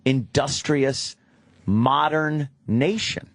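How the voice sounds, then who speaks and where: A man's voice: medium pitch, drawn-out words, dry recording. A man co-hosting a radio show with wisecracking, profane banter. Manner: wisecracking, swearing. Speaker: radio co-host. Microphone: studio microphone.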